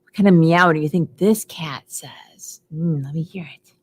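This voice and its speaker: A woman leading a preschool storytime, talking in a slow, sing-song way for small children. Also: sits low, a little mellow, breathy edge. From United States. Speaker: children's librarian.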